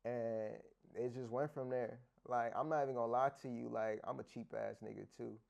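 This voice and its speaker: A man from Africa, an interview guest telling stories in a casual, animated, profane slang style, acting out dialogue in other voices. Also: medium pitch, normal speed, gravelly, muffled recording. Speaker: interview guest, sports bettor. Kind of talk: casual storytelling chat.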